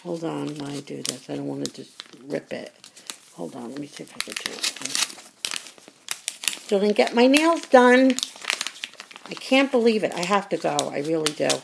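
A woman's voice: low voice, expressive, moderate pace, gravelly, pauses often, very noisy. A middle-aged woman chatting casually to her viewers as she opens fan mail, effusive and grateful and easily choked up. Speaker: vlogger opening fan mail. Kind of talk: casual chat to camera.

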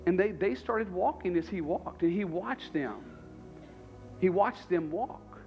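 A man's voice: high-pitched, animated, a little slow, muffled recording, faint music behind. A man preaching a sermon as pastor, talking conversationally and animatedly and repeating his phrases.

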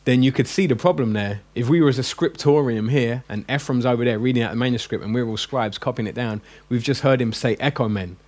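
A man's voice: medium pitch, darkish tone. Chatty man teaching a class. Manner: chatty and joking, drills letters slowly. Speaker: Greek teacher. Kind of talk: classroom lesson. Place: classroom with a group.

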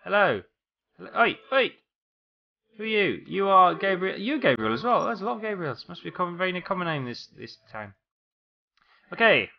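A man's voice: high voice, very animated, normal speed, gravelly, highs cut off. A man giving casual let's-play commentary, rambling as he talks to game characters and apologizes to them. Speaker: gameplay commentator.

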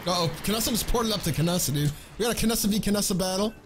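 A man streaming a game, giving loud, hyped, boastful commentary full of swearing. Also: high-pitched, fast talker. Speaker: gaming streamer. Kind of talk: excited gameplay commentary. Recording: game music loud behind voice. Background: loud game music.

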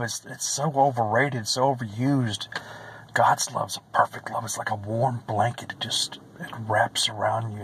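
A man's voice: medium pitch, slight background noise, poor audio. A man giving a personal religious testimony, earnest and emotional, who repeats phrases and sometimes drops to a whisper.

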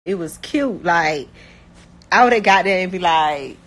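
A young woman from Miami with a Miami accent, chatting casually and bluntly, talking fast with lots of slang and filler words. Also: lowish voice, expressive, poor audio. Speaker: rapper talking about her life. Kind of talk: casual chat.

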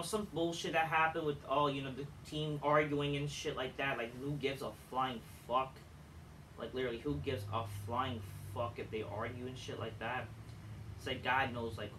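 A man's voice: fairly high pitch, bright, forceful tone, slight background noise. A man reviewing a wrestling show in a profane, exasperated, sarcastic rant. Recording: echoey room, distant mic.

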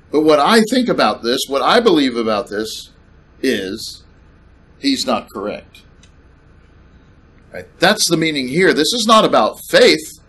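A man preaches with an emphatic, needling edge, throwing questions back at his listeners. His voice is husky and sits at an ordinary middle pitch. He keeps the measured cadence of a sermon. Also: fairly bright tone. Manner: emphatic, sarcastic, repeats himself. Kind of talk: sermon with slides.

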